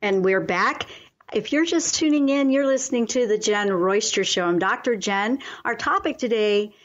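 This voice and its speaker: A woman's voice: mid-range voice, expressive, normal speed, muffled recording. A woman hosting a spiritual self-help radio show, talking earnestly and coaching listeners through affirmations.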